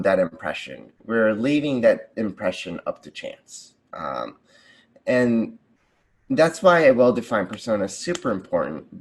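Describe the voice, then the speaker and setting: An American man being interviewed about conversation design. He talks enthusiastically and slips into lively voices for his examples. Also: medium pitch. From United States. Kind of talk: casual interview chat.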